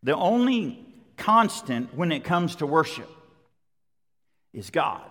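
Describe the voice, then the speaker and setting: Preacher in a reverberant sanctuary. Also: male voice, on the high side, big pitch swings, takes it slowly, fairly bright tone. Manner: conversational, emphatic with repetition. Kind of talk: sermon. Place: large church sanctuary. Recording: long hall reverb.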